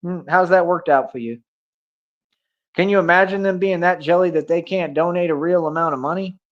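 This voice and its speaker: Man, livestream host, boastful, confrontational, somewhat high voice, dull lo-fi sound. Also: brisk. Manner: boastful, confrontational, talks to chat. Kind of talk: casual livestream rant.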